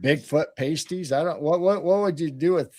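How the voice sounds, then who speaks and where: A man's voice: a little high, normal speed, dark tone. Rambling, playful Midwestern man. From Midwestern United States. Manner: rambling, playful, repeats words while thinking. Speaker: co-host of a live chat stream. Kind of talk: casual late-night chat.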